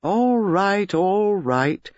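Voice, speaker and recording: A man playing a charming, outspoken, rather boastful gentleman with a dry, blunt way of talking. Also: a little high, lively intonation, normal speed, no echo. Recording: dull lo-fi recording.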